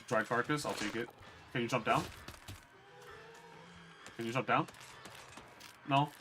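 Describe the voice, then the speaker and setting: A man's voice: medium pitch, unhurried, over music. A man streaming a game, chatting casually and profanely to his viewers. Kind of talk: casual gameplay commentary.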